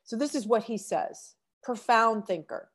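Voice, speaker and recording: A middle-aged woman hosting an inspirational podcast, talking earnestly and with emotion, with sighs and restarts. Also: a little high. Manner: slow, earnest, emotional, breaks off to sigh. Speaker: podcast host.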